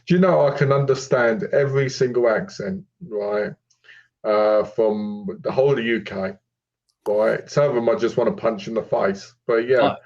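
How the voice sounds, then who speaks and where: A man joins a casual livestream as co-host, talking easily and checking in with his listener as he goes. His pitch sits in a middle range, and his audio comes through slightly dull, as if over a remote line. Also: moderate pace, darkish tone. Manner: conversational, repeatedly asks "you know what I mean?".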